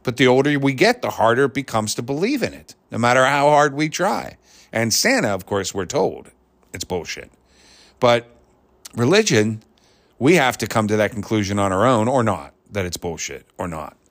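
A man's voice: medium pitch, moderate pace. A man talking in a rambling, reflective monologue full of fillers and restarts. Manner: reflective, grows more animated on points. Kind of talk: casual monologue.

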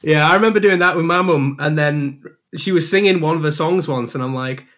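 Chill guy, swears a lot, kinda high voice. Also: a little fast, a bit bright. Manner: laid-back, swears casually. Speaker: podcast co-host. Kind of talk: casual chat.

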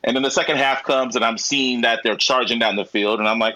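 A man co-hosting a podcast in casual chat, animated and profane, acting out his own reactions with a husky voice. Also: mid-range voice, fairly quick, poor audio. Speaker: podcast co-host.

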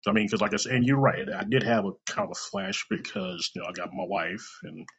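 A man from Kansas City, chatting casually on a podcast and telling a story with lively quoted voices and a husky, gravelly tone. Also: mid-range voice, fast talker. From Kansas City, United States. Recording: dull lo-fi recording.

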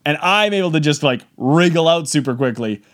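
A man hosting a podcast, telling a comic story in a casual, animated way and acting out the quotes. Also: a little high, fairly quick. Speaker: podcast host.

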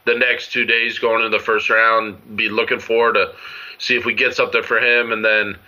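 A co-host on a casual sports podcast rambles through his points, full of fillers and restarts. His voice is on the low side with little pitch movement, brisk, pushed and bright, captured in dull lo-fi audio.

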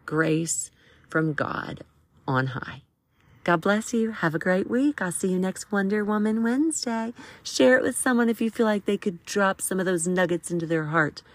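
A woman's voice: mid-range voice, normal speed, no room sound. A woman hosting a devotional encouragement talk, praying aloud in a playful, quirky way and breaking into snippets of worship song. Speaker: host.

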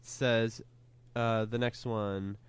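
A man's voice: fairly low pitch, level tone, drawn-out words, clear, resonant tone, dry recording. A young man co-hosting a podcast in casual chat, talking hesitantly with many fillers and restarts. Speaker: podcast co-host.

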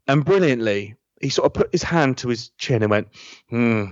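A man's voice: medium pitch, expressive, fairly quick, dry recording, highs cut off. A man, a comedian guest telling a rambling, eager story and repeating himself mid-sentence. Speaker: podcast guest, stand-up comedian. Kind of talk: casual chat, storytelling.

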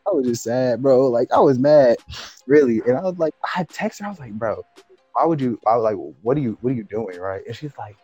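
Animated young man telling a story. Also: mid-range voice, a little fast, muffled recording, faint music behind. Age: young adult. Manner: animated, laughing, slangy. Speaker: podcast co-host. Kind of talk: casual storytelling chat.

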